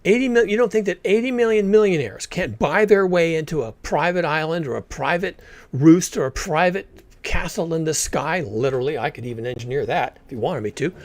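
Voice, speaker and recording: Man in a fairly high voice, blunt and cussing, reacting to a talk, dry sound. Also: a little fast, dry recording. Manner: blunt and profane, emphatic. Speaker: reaction video commentator.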